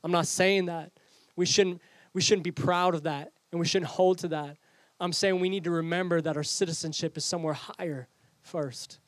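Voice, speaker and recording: A man's voice: fairly high pitch, fairly even intonation, moderate pace, dry recording. A man preaching a sermon as pastor, earnest and rhetorical, speaking straight to his congregation and reading scripture aloud. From Canada.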